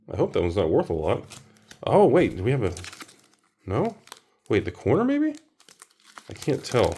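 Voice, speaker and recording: A man's voice: mid-range voice, slightly rough. A man hosting a card-opening video, ranting casually and exclaiming over each card he pulls. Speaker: host opening card packs.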